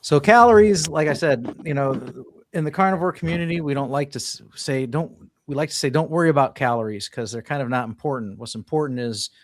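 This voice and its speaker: A man co-hosting a casual diet podcast, explaining things in a relaxed, conversational way with plenty of fillers. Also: on the high side, brisk. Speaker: podcast co-host. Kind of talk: casual chat.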